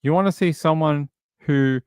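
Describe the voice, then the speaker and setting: A man's voice: a little high, moderate pace, darkish tone, clear, resonant tone, dry recording, clean studio sound. A man casually commenting on a true crime case during a livestream, reading and answering chat, rambling with lots of fillers. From outside the US. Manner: rambling, many fillers and restarts.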